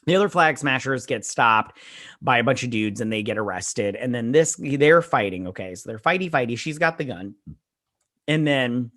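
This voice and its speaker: A man's voice: medium pitch, lively intonation, normal speed, fairly bright tone. A man hosting a casual episode recap, rambling with lots of fillers and blunt opinions. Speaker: show host reviewing a TV episode.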